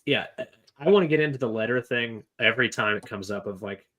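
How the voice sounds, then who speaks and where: A man's voice: mid-range voice, fast talker, a bit bright. Rambling, joking male podcast co-host. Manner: rambling, filler-heavy, joking. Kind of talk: casual book discussion.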